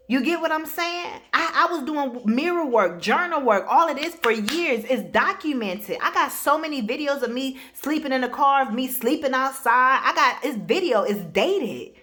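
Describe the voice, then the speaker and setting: A woman's voice: sits high, a bit bright. A woman speaking as a spiritual life coach, giving a casual motivational talk in a blunt, emphatic way, addressing the listener directly.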